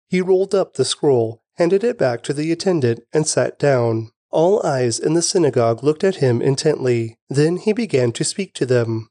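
Man reading scripture in a lively voice. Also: a little high, moderate pace, few pauses, no echo, studio quality. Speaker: scripture reader.

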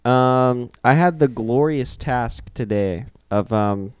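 A man's voice: medium pitch, slow pace, clear, resonant tone, no room sound, clean studio sound. A man on a podcast, chatting casually in an easygoing way, laughing along and sometimes a little unsure. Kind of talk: casual chat.

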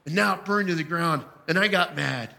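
A man with a high, bright voice preaches a sermon, telling his story with emphatic feeling. His voice carries a long reverb, as if in a large hall. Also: moderate pace, gravelly.

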